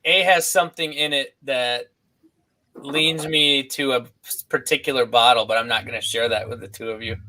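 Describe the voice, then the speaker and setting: A man's voice: mid-range voice, fairly even intonation, moderate pace, sharp tone. A man chatting as a guest on a casual tasting livestream, teasing and coy.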